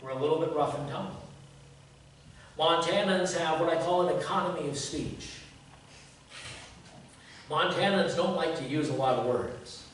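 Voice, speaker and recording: Folksy pastor preaching in an echoey church. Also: male voice, a little high, moderate pace, pauses often, a bit bright. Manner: folksy, joking, asks the congregation rhetorical questions. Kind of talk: conversational sermon. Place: church sanctuary. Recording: very echoey church from a distance, faint noise.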